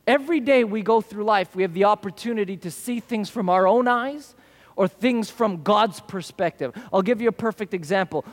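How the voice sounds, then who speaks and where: Male pastor, high voice, sermon storytelling, long hall reverb. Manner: storytelling, acts out quoted voices. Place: church service hall.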